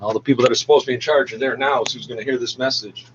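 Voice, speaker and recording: A man's voice: medium pitch, steady tone, very fast, dull audio, heavy background noise. A man delivering a heated, sarcastic, profane monologue and talking back at the radio. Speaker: podcaster ranting over radio news.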